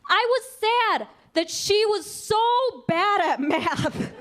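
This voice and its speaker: Brash high-voiced woman doing stand-up. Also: expressive, takes it slowly, fairly bright tone, a little hiss or hum. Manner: brash, punchy delivery with acted voices. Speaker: stand-up comedian. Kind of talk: stand-up comedy set. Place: comedy club stage with live audience. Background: audience laughter.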